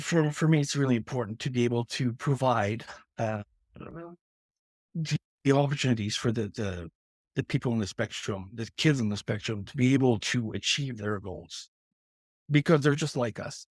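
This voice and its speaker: A man's voice: medium pitch, normal speed, breathy edge, no room sound. Earnest Canadian father, dry close sound. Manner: earnest, many restarts and fillers. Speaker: guest author. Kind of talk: casual interview talk.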